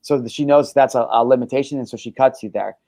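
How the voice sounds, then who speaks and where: A man's voice: medium pitch, fairly even intonation, fast, dark tone, no room sound. A man hosting a casual podcast, talking in a brash, boastful and profane way. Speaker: podcast host.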